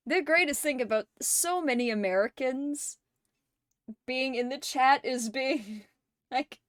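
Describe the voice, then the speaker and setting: A woman's voice: high voice, a little slow, no room sound, clean studio sound. A woman hosting a livestream, chatting casually and reading viewer messages aloud, laughing often between lines. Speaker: livestream host.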